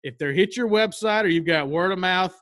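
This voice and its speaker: A man's voice: high voice, a little fast, fairly bright tone, no room sound, studio quality. A man giving an instructional talk, plain-spoken and stressing each key step.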